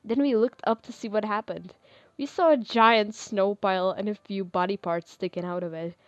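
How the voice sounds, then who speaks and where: A woman's voice: mid-range voice, steady tone, moderate pace, dry recording. Casual woman reading fan fiction. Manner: casual, with fillers and small laughs. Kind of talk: casual storytelling and chat.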